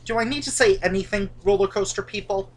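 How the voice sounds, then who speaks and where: A woman's voice: medium pitch, fast talker. Chatty woman hosting a coaster talk, teasing, just sitting at home. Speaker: co-host of a coaster channel. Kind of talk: casual chat. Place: indoors, dim room at home.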